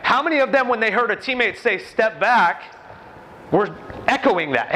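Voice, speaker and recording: A man with a high, ringing voice runs a basketball clinic on an indoor court. He barks out quick drill commands to his players. Between drills he turns to the watching coaches and explains each point. Faint gym noise hums behind him. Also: lively intonation, pushed and bright. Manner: brisk, commanding, calls out quick drill instructions.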